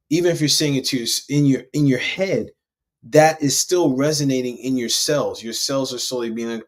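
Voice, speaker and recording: A man's voice: mid-range voice, steady tone, brisk. A man hosting a spiritual self-help live stream, talking casually and rambling, with frequent restarts. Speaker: host.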